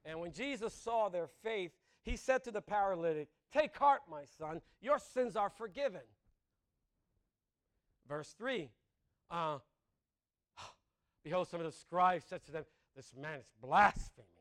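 This sermon comes from a man whose high voice swings widely in pitch. Chatty in style, he throws questions at the congregation and chuckles at his own jokes.

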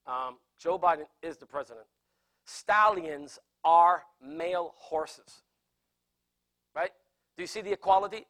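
A man's voice: fairly high pitch, fairly bright tone. A man preaching a sermon, earnestly explaining scripture and repeating phrases for emphasis. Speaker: pastor. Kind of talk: sermon teaching.

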